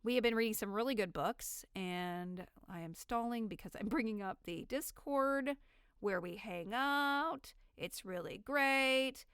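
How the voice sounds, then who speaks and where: A woman's voice: fairly high pitch, unhurried, fairly bright tone, clean tone, no room sound, clean studio sound. A woman hosting her own podcast, chatting freely and at length in a rambling, unedited monologue. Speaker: podcast host. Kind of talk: casual solo monologue.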